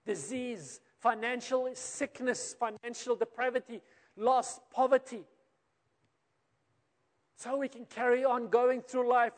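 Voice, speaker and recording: A man with a South African accent preaching a sermon, telling a story and acting out the quoted voices, rising and then dropping to a quiet close. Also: very high voice. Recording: long reverb of a large hall.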